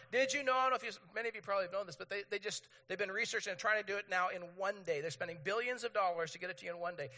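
Animated pastor in a reverberant hall. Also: male voice, sits high, fast talker. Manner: animated, mimics impatient voices. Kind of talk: sermon.

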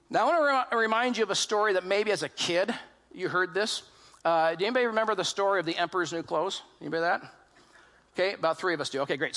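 Pastor, male, high and bright-toned, animated storyteller who quizzes the room. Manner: animated storytelling, asks the congregation questions; acts out quoted voices in his retelling. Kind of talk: sermon.

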